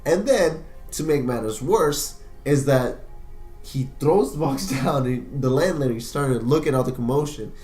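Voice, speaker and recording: Podcast co-host, male, expressive pitch; profane and laughing, roomy echo on the mic. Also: moderate pace. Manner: animated, profane, laughing storyteller. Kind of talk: casual film recap chat. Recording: echoey room with faint music.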